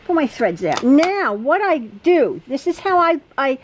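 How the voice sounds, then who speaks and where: A woman's voice: high voice, sing-song, measured pace, a little hiss or hum, rough recording. A woman teaching quilting in a chatty, casual tutorial from her home sewing room, often repeating herself and stumbling over words. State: a little out of breath.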